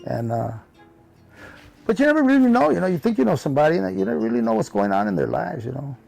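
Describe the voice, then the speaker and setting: A man's voice: on the high side, very animated, fast, gravelly, darkish tone, soft background music. A male comedian reminiscing in an interview, rambling and heartfelt, often saying "you know" and acting out remembered conversations. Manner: acts out remembered dialogue in his telling. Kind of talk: reflective storytelling in conversation.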